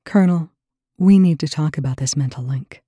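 A woman's voice: sits low, brisk, warm tone, slightly rough, dry recording, studio quality. A woman voicing a stern, tired female medic who speaks firmly and matter-of-factly. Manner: firm, matter-of-fact.

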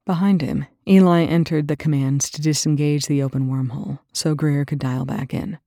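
A woman with a gravelly, husky voice reading a story aloud as narrator. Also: deep voice, fairly even intonation, moderate pace, warm tone, dry recording, clean studio sound. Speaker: audiobook narrator. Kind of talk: reading fan fiction aloud.

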